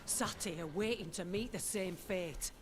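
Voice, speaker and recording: A woman's voice: medium pitch, unhurried, lightly acted. An actress playing a brusque, blunt colonial selectwoman who talks in a curt, impatient way, heard as game audio over ambient noise. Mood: scornful.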